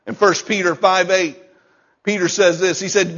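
A man's voice: sits high, level tone, normal speed, a bit bright, breathy edge, highs cut off. A male pastor preaching a sermon, emphatic and repeating key lines, chuckling between points.

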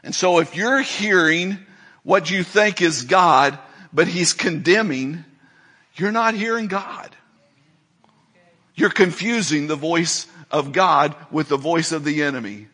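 High, bright-voiced male preacher. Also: big pitch swings, slow pace. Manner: dynamic preacher, swinging from soft asides to loud emphatic declarations. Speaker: pastor. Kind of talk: sermon.

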